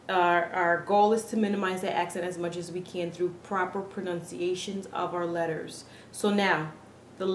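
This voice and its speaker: A woman teaching Spanish pronunciation to English speakers, patiently repeating each word for practice. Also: mid-range voice. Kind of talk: pronunciation lesson. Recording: echoey room with faint ambient noise.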